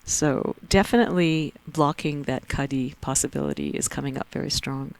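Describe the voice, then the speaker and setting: A woman with a Canadian accent giving chatty, excitable live commentary on a board game tournament. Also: low-pitched, normal speed, gravelly, rough recording. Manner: chatty, excitable, laughs easily.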